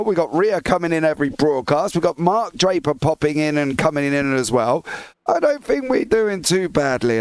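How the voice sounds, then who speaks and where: A hoarse, croaky man talks through a live sim race broadcast, rambling and a little defensive. His higher voice swings widely in pitch, and the close mic leaves it dry. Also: no echo. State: hoarse from chest infection. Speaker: race commentator and broadcast boss. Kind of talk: live race commentary and banter.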